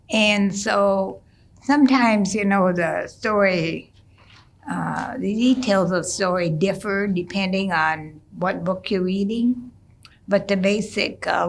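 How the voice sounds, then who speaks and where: Middle-aged woman telling an old story real slow, gravelly voice, lots of little pauses and restarts. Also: fairly low pitch. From United States. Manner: unhurried, with gentle hesitations and restarts. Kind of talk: traditional storytelling, told casually.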